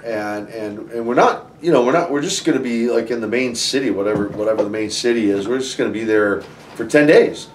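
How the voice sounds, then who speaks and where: Animated man telling stories in a roomy space. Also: mid-range voice, a little fast, slight background noise. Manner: animated, many restarts and "you know"s. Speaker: interview guest, former wrestler. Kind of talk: conversational storytelling. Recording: roomy, somewhat distant from the mic.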